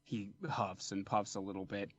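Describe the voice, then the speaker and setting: A man narrating a tabletop game as dungeon master, descriptive and relaxed with frequent fillers. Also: fairly low pitch, normal speed, a little hiss or hum.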